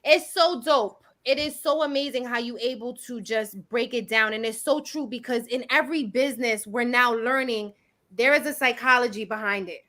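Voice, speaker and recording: A woman's voice: fairly high pitch, normal speed, bright, forceful tone. A woman hosting an interview, enthusiastic and full of praise for her guest. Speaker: interview host. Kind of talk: casual interview chat.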